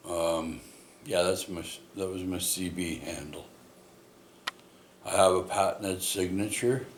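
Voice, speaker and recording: A Canadian man with a very low, steady voice tells a personal story without hurrying. He rambles, restarts often and keeps adding fillers and tag questions to his sentences. The room is echoey, with faint ambient noise in the background.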